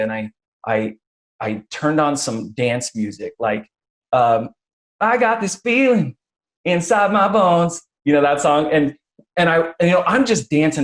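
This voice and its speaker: Man hosting a chatty interview. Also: on the high side. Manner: storytelling, with frequent restarts and acted-out quotes. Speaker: podcast host. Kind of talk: conversational interview.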